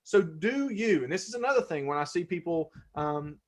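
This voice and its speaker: A man's voice: a little high, animated, moderate pace. A man presenting a live-streamed workshop in a conversational way, restarting words and now and then getting fired up. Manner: conversational, self-correcting, gets fired up.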